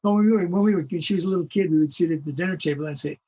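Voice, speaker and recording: An older male voice actor telling animated anecdotes in an interview, acting out the voices of the people he quotes. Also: fairly high pitch, rapid-fire, husky, highs cut off. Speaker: guest voice actor. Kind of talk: storytelling interview.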